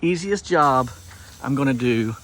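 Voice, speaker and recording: A man's voice: mid-range voice, lively intonation, unhurried. A man filming a casual work vlog, muttering sarcastic complaints while he washes a house outdoors. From United States. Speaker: pressure washing business owner. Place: outdoors at a house job site. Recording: noisy outdoor sound.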